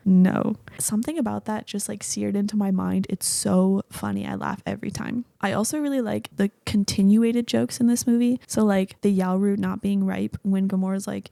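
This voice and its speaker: A woman's voice: medium pitch, level tone, normal speed, creaky, few pauses, mellow, no echo. A young woman hosting a casual solo movie review podcast, chatty and rambling, often cutting herself off mid-thought. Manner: chatty, rambling, self-interrupting. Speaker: podcast host.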